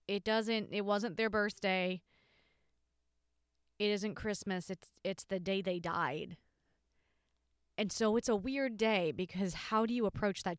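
A young woman hosting her own podcast, talking frankly and haltingly about grief, with many fillers and restarts. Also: mid-range voice, fairly bright tone, clean tone, no room sound, studio quality. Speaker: podcast host. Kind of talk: candid personal podcast monologue.

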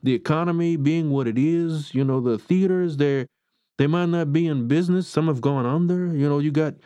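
A man's voice: on the high side, moderate pace, dark tone, smooth, no echo, close to an everyday voice. A man putting on a New York accent to play an opinionated New Yorker ranting with rhetorical questions. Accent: put-on New York accent.

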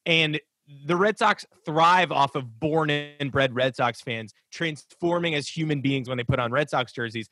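Bright-voiced male sports podcast host. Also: on the high side, a little slow. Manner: rambling, self-interrupting, opinionated. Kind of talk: casual sports podcast chat.

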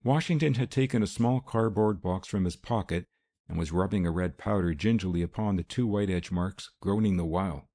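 A man narrating a classic novel as an audiobook in a steady, measured storytelling voice. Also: sits low. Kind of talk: scripted narration.

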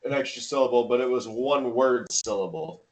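A man's voice: mid-range voice, normal speed, noisy background. Self-deprecating young man on a podcast. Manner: self-deprecating, profane, joking. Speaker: podcast co-host. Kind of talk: casual crude podcast banter.

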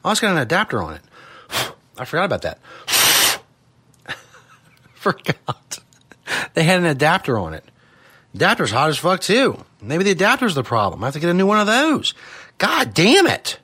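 A man's voice: on the high side, huge pitch swings, fast, pushed and bright, husky, no room sound. A man hosting a live studio show, talking casually in a profane, exasperated ranting manner. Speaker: podcast host.

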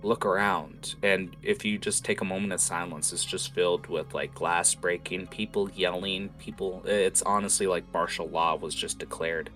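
A man's voice: low voice, steady tone, moderate pace, few pauses, a bit bright, soft background music. A young man narrating as game master of a tabletop game, rambling with fillers and casual swearing.

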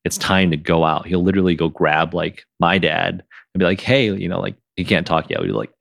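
A man hosting a podcast in casual conversation, who reenacts his own past lines in a livelier, higher voice. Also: brisk, vocal fry, a bit bright, dry recording, clean studio sound. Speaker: podcast host.

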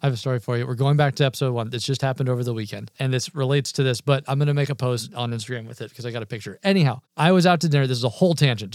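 A man hosting a casual podcast, an animated storyteller who acts out the voices of the people in his anecdotes. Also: mid-range voice, dry recording, studio quality. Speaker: podcast host, musician. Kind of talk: casual chat.

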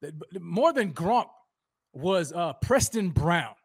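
A man co-hosting a casual sports podcast, emphatic and quick to get heated. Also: high-pitched, very animated, slightly rough, dry recording, clean studio sound.

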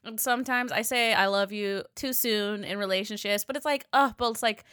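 A young woman chatting casually in a relaxed, frank way, swearing now and then. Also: medium pitch, brisk, smooth, dry recording, clean studio sound. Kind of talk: casual chat.

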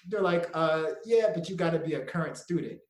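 A man's voice: on the high side, a little fast. A young man co-hosting a podcast, telling a story in casual chat and acting out quotes with frequent laughter. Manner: animated storyteller, laughs often, acts out quotes. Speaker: podcast co-host. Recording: echoey room.

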